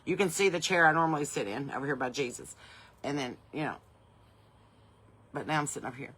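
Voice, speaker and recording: A deep, husky, fairly bright voice belongs to a Southern woman who sings country and hosts a podcast. She talks at a brisk clip during a casual porch livestream from home, folksily welcoming viewers by name, all captured on a low-quality recording.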